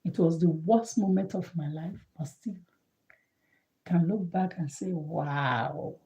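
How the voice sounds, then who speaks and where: Woman, motivational monologue, warm mellow tone, earnest and emphatic, repeats her points. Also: fairly low pitch, measured pace, poor audio. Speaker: motivational speaker.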